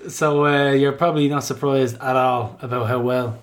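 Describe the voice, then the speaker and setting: A man's voice: mid-range voice, fairly even intonation, moderate pace. An Irish man hosting a casual football podcast, talking emphatically and laughing along. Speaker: podcast host. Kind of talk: casual chat.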